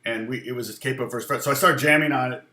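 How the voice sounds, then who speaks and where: A man's voice: medium pitch, fast, bright, forceful tone, reverberant. A man teaching guitar on a casual live stream, chatting with viewers in a self-deprecating way and laughing often.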